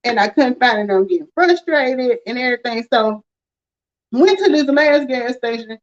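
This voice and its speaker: A woman's voice: sits high, animated, normal speed. A woman hosting a live stream, rambling through a story and laughing often. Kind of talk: casual storytelling chat. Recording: slightly dull lo-fi audio.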